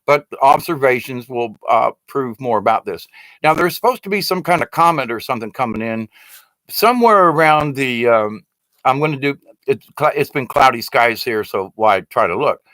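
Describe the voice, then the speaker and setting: A man's voice: medium pitch, lively intonation, moderate pace, fairly bright tone, dry recording. A man in his sixties from the United States talking in a rambling, casual monologue who keeps getting indignant and exasperated. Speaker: video blogger.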